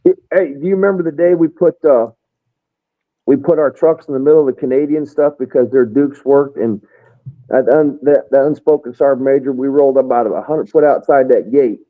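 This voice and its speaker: Over a tinny line that sounds like a phone, an American man who retired as a first sergeant rambles through army stories in a relaxed way. He speaks at a moderate pace in a mid-range voice, performing the lines of the soldiers he quotes.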